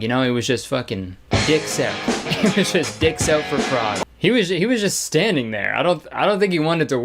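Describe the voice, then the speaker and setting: Sarcastic man, comedic movie commentary, slightly high voice, music under. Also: a bit bright. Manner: sarcastic, joking, laughs often, acts out bits in voices.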